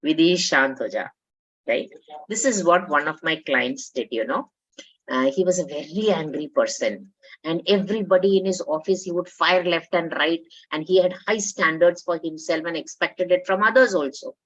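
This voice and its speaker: A woman with an Indian accent, giving a conversational motivational talk as a life coach, coaxing and mixing in Hindi. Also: on the low side. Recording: dull lo-fi audio.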